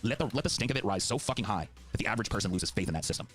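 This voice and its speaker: A man's voice: on the low side, animated, rapid-fire, slightly rough, soft background music. A middle-aged man in a heated political debate, speaking passionately and swearing freely. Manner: fiery, profane, heartfelt. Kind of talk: impassioned debate.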